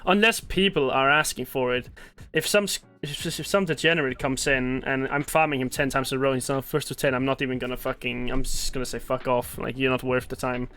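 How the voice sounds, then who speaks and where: A man's voice: mid-range voice, brisk, sharp tone. A man hosting a casual gaming podcast, easygoing and swearing freely between fillers.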